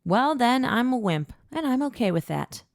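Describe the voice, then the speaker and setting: This woman's voice sits on the high side, pitched above her natural register, with big pitch swings at a normal speed. She plays a squealing, teasing young heroine, protesting brightly. The recording is studio quality with no room sound.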